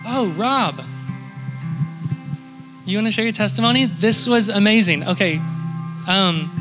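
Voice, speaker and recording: A man's voice: sits high, a little slow, music in the background, poor audio. A man preaching in a conversational, earnest way as pastor, inviting people to be baptized. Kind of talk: sermon.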